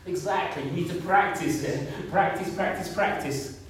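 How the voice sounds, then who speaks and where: A man's voice: sits high, moderate pace, a little hiss or hum. A man in his fifties preaching a sermon in a conversational way, repeating points and asking the congregation questions. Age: 50s. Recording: echoey room, picked up from a distance.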